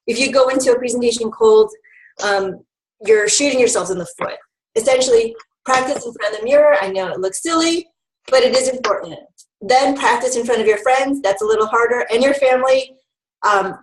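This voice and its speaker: A woman leads a training presentation for new health educators. Her voice sits fairly high, and she keeps an upbeat, instructive tone broken by frequent ums. The room around her is echoey. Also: fairly quick.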